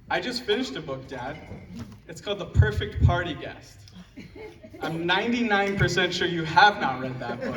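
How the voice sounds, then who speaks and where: Young man roasting his dad in an echoey hall. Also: fairly high pitch. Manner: joking storytelling, laughing at his own lines. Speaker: son giving a roast speech. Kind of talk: roast speech at a live event. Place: large hall at a live event. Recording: echoey hall from far off, noisy. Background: audience laughter.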